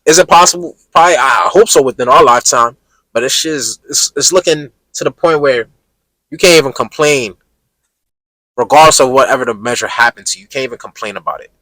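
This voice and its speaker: A male podcast host who talks in an emphatic, slangy, casual way and turns often to address his listeners. His voice sits at an ordinary pitch for a man and sounds dry and close, with no room echo. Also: a little fast, sharp tone.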